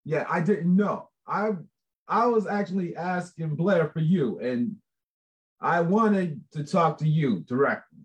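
A man chatting casually about a book project, rambling, animated and laughing often. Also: fairly high pitch, measured pace, dull audio. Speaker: book contributor. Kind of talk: casual chat.

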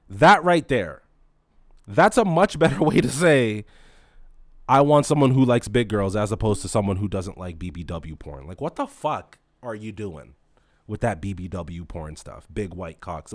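Young male host, comedic rant, very lively pitch, close and dry. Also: moderate pace, no echo. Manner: animated, profane, swings loud to mumbling. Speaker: podcast host.

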